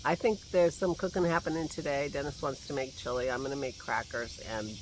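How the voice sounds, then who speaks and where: A man's voice: medium pitch, steady tone, brisk, a little hiss or hum. A man with a slight lingering cough, rambling casually while filming himself on a phone out in his garden. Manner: rambling, chatty, laughs to himself. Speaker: vlogger. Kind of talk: casual chat. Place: outdoors in a garden. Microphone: phone held at arm's length.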